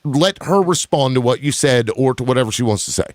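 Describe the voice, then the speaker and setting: Calm man moderating a heated panel. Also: medium pitch, a little fast, dry recording, clean studio sound. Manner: calm, repeats "okay" to settle arguments. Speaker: host of a live political panel. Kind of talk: live-stream panel moderating.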